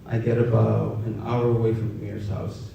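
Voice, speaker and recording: Soft-spoken young man, gravelly and far off. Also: little pitch movement. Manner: halting, soft-spoken, many fillers. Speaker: storyteller. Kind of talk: personal storytelling. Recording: roomy, distant, dull with faint rumble.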